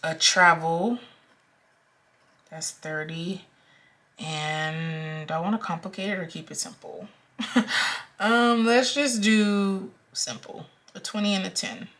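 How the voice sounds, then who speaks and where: A young woman with a low voice talks slowly and casually through her budget for a vlog. She counts out amounts aloud and fills her pauses with ums. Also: fairly bright tone. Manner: slow, chatty, with frequent ums and counting aloud. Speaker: budgeting vlogger. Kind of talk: casual talk-through while cash stuffing.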